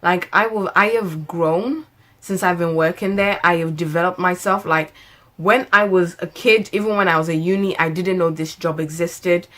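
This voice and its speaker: A woman's voice: fairly low pitch, steady tone, normal speed, fairly bright tone. A woman in her late twenties, a lifestyle vlogger chatting to camera, who laughs often, stretches words for emphasis and drifts into preaching. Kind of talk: casual chat to camera.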